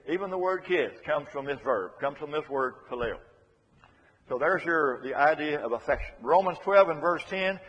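A man preaching a sermon, earnest and emphatic, circling back on his key phrases. His voice sits a bit high and sounds breathy. The recording is dull and lo-fi, with a long echo from a large hall. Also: fairly bright tone.

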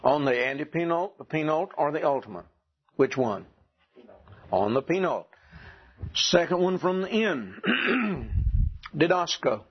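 A man teaching a classroom lesson, asking his students questions and clearing his throat now and then. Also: fairly high pitch, very animated, unhurried, pauses often. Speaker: Greek teacher. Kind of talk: classroom lecture. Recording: dull lo-fi classroom recording.

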